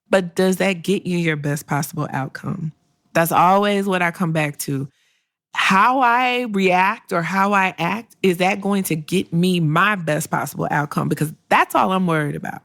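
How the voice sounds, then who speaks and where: A middle-aged woman talks straight into a close mic in a candid solo podcast, blunt and sassy. Her voice sits low with a gravelly fry, and the sound is dry and close. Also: moderate pace, a bit bright, no echo. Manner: blunt, sassy and conversational, with laughs and acted-out quotes. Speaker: podcast host and career coach.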